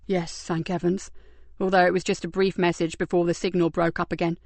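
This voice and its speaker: A woman's voice: lowish voice, level tone, fairly quick, gravelly, darkish tone, dry recording. A woman voicing a weary male detective. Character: weary middle-aged male detective, kind and cautious.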